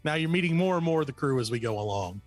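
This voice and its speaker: A man hosting a casual podcast, with a voice that sits a little high and moves freely up and down. He jokes around and teases his co-host, laughing often as he talks. Faint music plays underneath. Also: lively intonation, fast talker. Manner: joking, teasing, laughs a lot. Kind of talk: casual chat.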